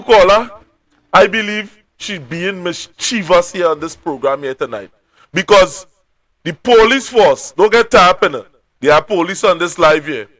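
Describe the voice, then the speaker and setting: A man's voice: high voice, bright, forceful tone, dry recording. A man with a Trinidadian accent hosting a live call-in show, blunt and emphatic, repeating himself for effect. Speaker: talk show host.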